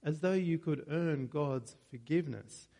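A man's voice: on the high side, a little slow, vocal fry, dark tone. A man preaching a sermon in a conversational way, with joking asides and self-corrections.

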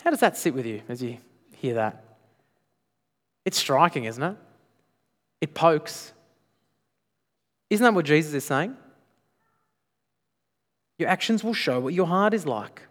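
A man's voice: a little high, very animated, a little slow, long pauses. A man preaching a sermon as pastor, emphatic, with frequent rhetorical questions. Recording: long reverb of a large hall.

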